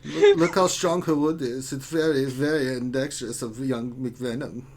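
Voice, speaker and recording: A man's voice: medium pitch, steady tone, slight background noise, close to an everyday voice. A man voicing a lecherous German man in a put-on German accent, reading names with sleazy innuendo on a live stream. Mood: leering. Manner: sleazy innuendo, drawn-out teasing. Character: lecherous middle-aged German man named Friedrich.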